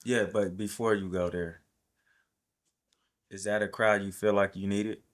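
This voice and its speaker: A man's voice: fairly low pitch, fairly even intonation, measured pace. A man hosting a podcast interview, asking short questions and giving brief replies. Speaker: podcast host. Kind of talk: casual interview.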